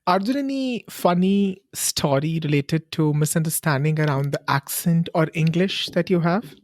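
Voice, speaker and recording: A podcast host leads a friendly interview with a middle-pitched voice. The recording is dry and close, with little room sound, and the host keeps things moving with easy questions and "okay, okay". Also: normal speed, darkish tone, dry recording. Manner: friendly, asks questions, often says "okay, okay".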